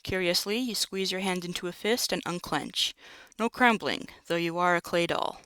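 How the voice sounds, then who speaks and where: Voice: mid-range voice, moderate pace, bright, forceful tone, smooth, no echo, rough recording. A host reading a text-based game aloud, breaking in with wry jokes and asides. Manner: wry, jokey, self-interrupting. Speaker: narrator and let's-play host.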